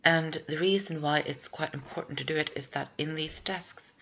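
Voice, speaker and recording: Low, gravelly woman narrating gameplay. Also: normal speed, fairly bright tone. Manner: rambling, chatty, thinks aloud. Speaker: video game walkthrough player. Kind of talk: casual gameplay commentary.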